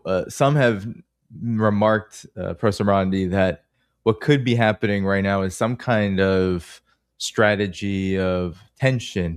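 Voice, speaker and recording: A man's voice: low voice, clean tone, dry recording, clean studio sound. A man with a Boston accent hosting an interview, asking long rambling questions full of fillers. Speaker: interview host.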